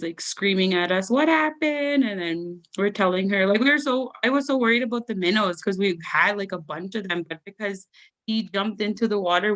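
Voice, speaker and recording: Young woman laughing through family stories. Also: mid-range voice. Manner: animated, laughs often, acts out family members in raised voices. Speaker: guest storyteller. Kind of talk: personal storytelling at a live event.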